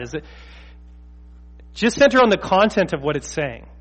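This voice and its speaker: A man preaching in a church, his slightly higher voice carrying with a long reverb around the sanctuary. He is earnest and emphatic and hammers his points home by repeating them. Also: expressive, moderate pace, a bit bright. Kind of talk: sermon.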